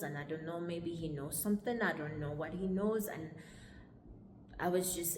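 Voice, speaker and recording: Low-voiced Jamaican woman telling her story. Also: a little hiss or hum. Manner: halting, conversational retelling. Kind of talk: personal life story. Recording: echoey room with long reverb.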